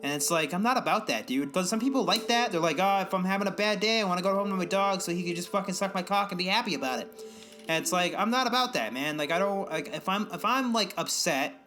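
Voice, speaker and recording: Brief: young male podcast co-host, high bright voice, profane ranting, faint music underneath. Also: lively intonation, fast talker. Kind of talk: casual profane rant.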